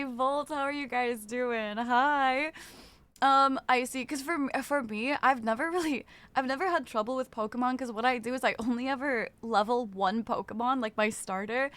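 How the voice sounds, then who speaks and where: A woman's voice: a little high, a bit bright. A young adult woman chatting casually with her live-stream viewers, greeting them by name and swearing offhandedly.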